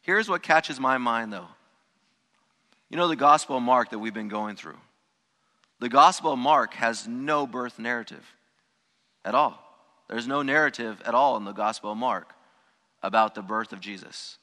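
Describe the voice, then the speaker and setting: A man's voice: medium pitch, normal speed, pauses often, sharp tone, big-room sound. A man preaching a sermon as pastor, emphatic, stressing key words and repeating phrases for weight. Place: church sanctuary.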